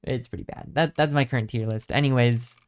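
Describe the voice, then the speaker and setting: A man's voice: mid-range voice, fairly even intonation, a little fast, clean tone. Rambling male game streamer. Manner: rambling, thinks aloud; hesitant, many ums and restarts. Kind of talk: casual gameplay commentary.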